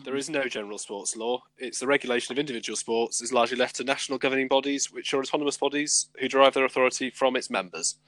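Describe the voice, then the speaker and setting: A man's voice: medium pitch, fairly even intonation, very fast, few pauses, a bit bright, no room sound, poor audio. A man co-hosting a podcast, teasing his friends and explaining the law he researched with dry certainty. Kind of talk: casual banter.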